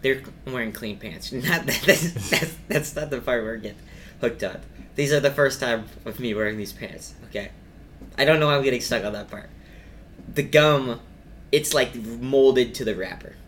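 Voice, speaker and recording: A man's voice: mid-range voice, normal speed, fairly bright tone. Young male podcast co-host, rambling casual chat, mid-range voice, faint hiss. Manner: rambling, chatty, trails off mid-sentence.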